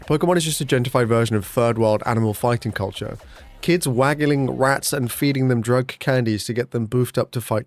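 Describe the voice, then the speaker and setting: A young streamer talks fast with his livestream chat in a casual way, swearing along the way, and his pitch jumps up whenever he quotes someone.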